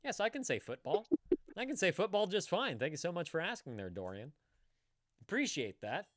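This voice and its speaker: Lively teasing man with a bright voice. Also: sits high, a little fast, no echo. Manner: teasing, laughs often, swears. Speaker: co-host. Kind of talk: casual live-stream banter.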